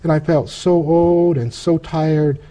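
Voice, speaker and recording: Male interview guest, earnest testimony, halting with restarts, mellow tone, a bit high. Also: fairly even intonation. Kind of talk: personal testimony storytelling.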